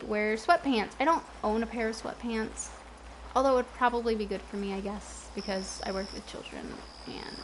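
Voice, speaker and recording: A woman's voice: on the high side, measured pace. Chatty young woman streamer. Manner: chatty, rambling, talks to chat. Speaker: game streamer. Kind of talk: casual chat while playing. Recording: noisy stream audio.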